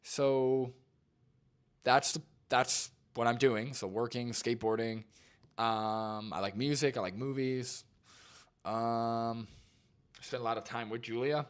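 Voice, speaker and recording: A young man hosts a live stream, reacting to a video and answering chat in a laid-back, rambling way, full of fillers and lots of "like" and "dude." His voice is smooth, medium-pitched and steady, slow with frequent pauses.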